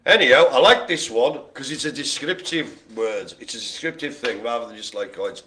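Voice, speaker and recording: A man's voice: mid-range voice, fairly quick, bright, forceful tone. A man hosting a live bingo game, chatty and jokey, full of playful asides. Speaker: bingo host. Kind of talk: live-streamed bingo calling.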